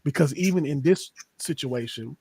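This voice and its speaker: A man's voice: on the high side, normal speed, darkish tone, a little hiss or hum. A man hosting a podcast, talking in an impassioned, emphatic way in casual discussion. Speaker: podcast host.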